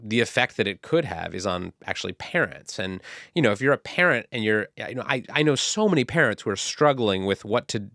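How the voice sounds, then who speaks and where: Male podcast co-host, low and dry studio sound, hedging delivery. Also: lively intonation, brisk, pushed and bright, dry recording. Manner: hedging, many "like" fillers. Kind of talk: casual tech podcast chat.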